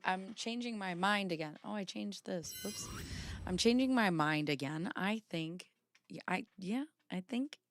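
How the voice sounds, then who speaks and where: A woman's voice: lowish voice, a bit bright, clean tone, dry recording, studio quality. A woman host in casual commentary, rambling and apologizing to herself while she compares handwriting on screen. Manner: rambling, self-interrupting, apologetic asides.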